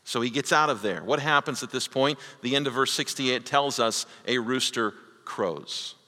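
A man's voice: mid-range voice, normal speed, bright, forceful tone, big-room sound. A man preaching a sermon as a pastor, telling a story earnestly and acting out the quoted lines.

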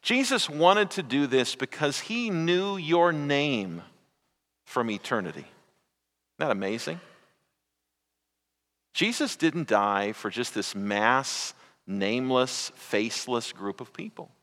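A pastor preaching to his congregation, a bright, forceful man's voice that leaps high and drops low. He swings between loud, drawn-out phrases and hushed asides. The sound carries a long reverb from the hall. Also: lively intonation. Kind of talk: sermon.

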